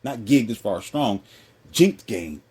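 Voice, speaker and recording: A man talking casually and with strong opinions, mocking people with quick impressions and jumping up in pitch. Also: slightly rough. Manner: animated, mocking impressions, jumps high in pitch. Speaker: host.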